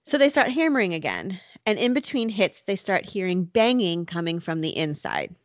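A woman's voice: fairly low pitch, big pitch swings, normal speed, no room sound. A woman hosting a podcast, telling a true crime story in casual chat, full of "like" and "you know". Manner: conversational, many "like" and "you know" fillers. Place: North Carolina.

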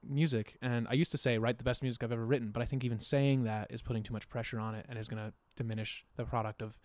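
A young man, a musician guest, chatting casually about his plans in a relaxed, rambling way with frequent laughs. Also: mid-range voice, fast talker, no room sound. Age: young adult. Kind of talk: casual conversation.

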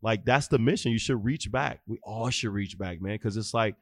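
A man's voice: fairly low pitch, moderate pace, no echo, studio quality. A man in his thirties, a youth football coach and podcast guest, telling stories animatedly and acting out the dialogue. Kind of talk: casual interview storytelling.

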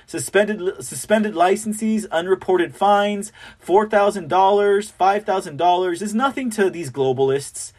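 Male show host, high voice, scornful and mocking commentary. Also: a little slow, darkish tone. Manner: scornful, mocking, repeats words. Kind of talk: opinionated commentary.

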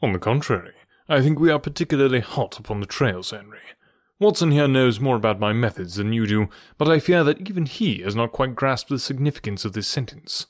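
A man reading aloud and voicing a keen, confident middle-aged detective who speaks in a measured, pointed way. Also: expressive, no echo, studio quality, lightly acted. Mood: assured. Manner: measured, precise and pointed, voice dropped lower.

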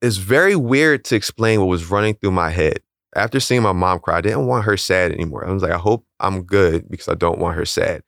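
A young man calmly and plainly recounting a personal story in a casual interview. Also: sits low, a little fast, creaky, no echo, clean studio sound. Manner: calm, matter-of-fact, chuckles at odd details.

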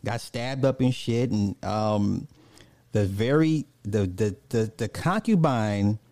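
Mellow-voiced man ranting on a live stream. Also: lowish voice, takes it slowly, no echo. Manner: animated and ranting, laughs often, swears freely. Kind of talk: casual live stream chat, reading out comments.

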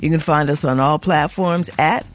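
A woman's voice: sits low, normal speed, soft background music. A woman radio host interviewing a guest and signing off the show. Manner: brief affirmations, upbeat sign-off.

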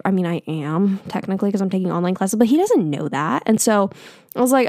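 A woman's voice: medium pitch, fairly quick, no room sound. Chatty young woman, dry sound. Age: 20s. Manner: chatty, animated, frequent "like" fillers. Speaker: podcast host. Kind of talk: casual storytelling.

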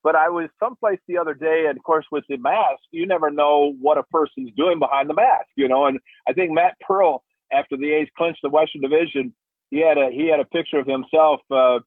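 A man's voice: a little high, fairly quick, no echo. An older man telling rambling stories on a radio sports show, with many restarts. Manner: rambling, warm storytelling with restarts. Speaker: radio analyst and former player. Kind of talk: casual radio chat. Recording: dry, phone-like radio line.

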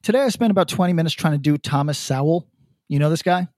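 Man, podcast co-host, animated, profane, casual chat, slightly high, dry sound. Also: quick pace, no echo. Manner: animated, profane, laughs often.

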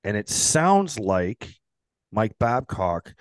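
A man co-hosting a sports podcast, speaking in an animated, sarcastic and profane way. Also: on the low side, extremely slow, no echo. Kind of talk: casual sports talk.

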